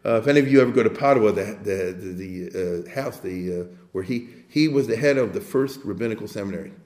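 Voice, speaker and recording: A man's voice: on the low side, fairly quick, darkish tone, roomy sound. A man giving an informal lecture in a conversational way, often digressing and checking with his listeners. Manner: conversational, digressive, asks the audience for assent.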